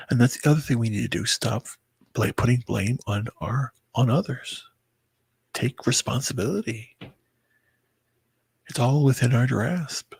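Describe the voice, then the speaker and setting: A very tired man talking to his viewers in a halting personal monologue, often stumbling and restarting his words. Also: mid-range voice, gravelly, a little mellow, husky, no room sound. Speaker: vlogger. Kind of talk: rambling personal monologue to camera.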